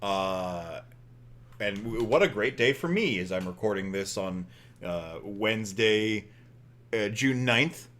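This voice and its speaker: A man's voice: fairly low pitch, expressive, slow pace, fairly bright tone. A young man co-hosting a podcast, chatting casually in a meandering, joking way and swearing often. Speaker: podcast co-host. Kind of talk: casual chat.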